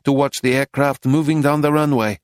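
A man voicing a calm, practical male settlement manager in an audiobook, measured and dry. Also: mid-range voice, smooth, no echo, close to an everyday voice. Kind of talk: audiobook character voice.

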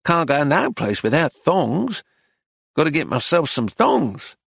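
A man's voice: sing-song, a little slow, creaky, a bit bright, slightly rough, no echo, studio quality, heavily acted. A man voicing a weary, blunt old woman. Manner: high, clipped, short replies. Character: weary older Aboriginal woman, blunt and slumped.

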